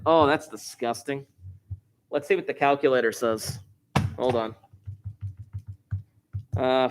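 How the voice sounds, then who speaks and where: A man teaching a math lesson to a class, explaining step by step with wry, joking asides. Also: medium pitch.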